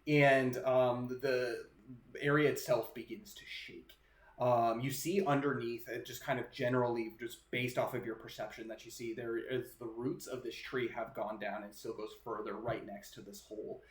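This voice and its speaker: A man's voice: mid-range voice, moderate pace. Male game master, easygoing scene narration, recorded in a roomy, echoing space. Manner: descriptive, relaxed, with fillers.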